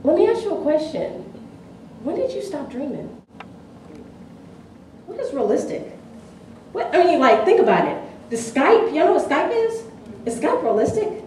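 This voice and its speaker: A woman's voice: high voice, very animated, normal speed, long pauses, a little mellow, slight background noise. A woman telling a story in a motivational seminar in a large gym, speaking fired up and throwing rhetorical questions at the room. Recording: echoey gym, from far off.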